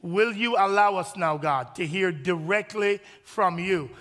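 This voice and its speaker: A man preaching a sermon as pastor, with animated, lively storytelling and call-and-response with the congregation. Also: high voice, unhurried, long reverb tail.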